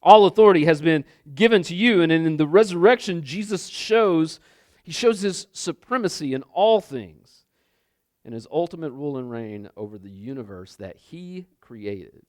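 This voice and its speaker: A man's voice: fairly high pitch, animated, moderate pace, darkish tone, dry recording, clean studio sound. A man preaching a sermon in a loose, conversational way, repeating phrases and checking in with his listeners. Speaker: pastor.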